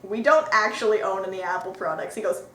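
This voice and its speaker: A young woman co-hosting a casual podcast, telling an animated anecdote and laughing often. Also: mid-range voice, a little fast. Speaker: podcast co-host. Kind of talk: casual group chat, storytelling. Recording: echoey room, faint noise.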